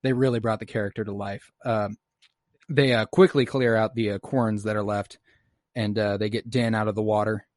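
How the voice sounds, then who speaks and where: A man's voice: fairly low pitch, moderate pace, dry recording, studio quality. Casual swearing male podcast host. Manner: excited, swears freely, many fillers. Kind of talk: casual episode recap. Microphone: video call.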